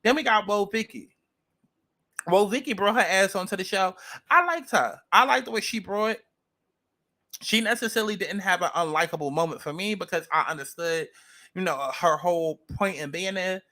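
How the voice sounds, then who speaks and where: New man reviewing reality TV, high and piercing, blunt and foul-mouthed. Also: moderate pace, sharp tone. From New York. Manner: blunt, profane, sassy. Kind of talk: ranting commentary.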